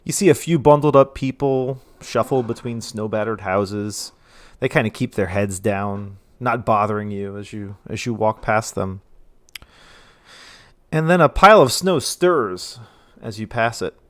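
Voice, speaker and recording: A man's voice: on the low side, a little slow, fairly bright tone, no echo. Male game master, easygoing filler-heavy narration, dry recording.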